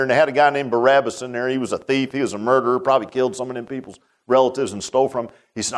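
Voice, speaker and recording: A man preaching a sermon in a folksy way, building to loud exhortations and dropping to hushed, low tones. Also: very fast, few pauses.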